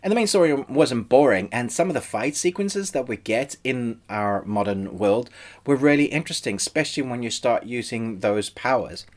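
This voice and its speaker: A man's voice: medium pitch, expressive, normal speed. Chatty male TV review host. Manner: chatty and conversational, thinks aloud. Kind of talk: casual spoken film review.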